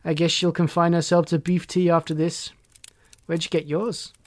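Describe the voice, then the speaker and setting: A man reading the part of a wistful, remorseful grown man, speaking in a measured, reflective way. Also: a little high, flat delivery, lightly acted.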